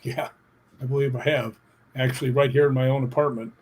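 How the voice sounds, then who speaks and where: A man's voice: medium pitch, a little fast, a little hiss or hum. A middle-aged man being interviewed, telling stories in a plainspoken, emphatic way and acting out what people said. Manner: animated storyteller who acts out quotes; emphatic, plainspoken, casual swearing. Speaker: guest. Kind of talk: interview storytelling.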